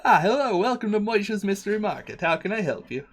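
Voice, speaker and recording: In tabletop game voice acting, a man plays a short, hunched old shopkeeper, pushing his voice up into a high, expressive register. He uses a put-on foreign accent and broken, halting English, sounding welcoming like a fawning salesman.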